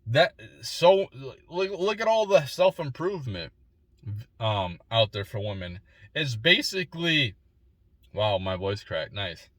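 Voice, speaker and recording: A man's voice: fairly low pitch, a little slow, no echo. A man in his forties giving a rambling, opinionated solo monologue with frequent restarts and repeated words. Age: 40s. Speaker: vlogger.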